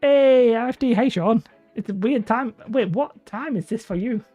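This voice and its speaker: Her voice sits a little high, with a darkish, slightly rough tone and a normal speaking speed. She hosts a hobby livestream, casually going through viewer comments and rambling between laughs. The audio has that dull lo-fi stream quality, plus faint background music.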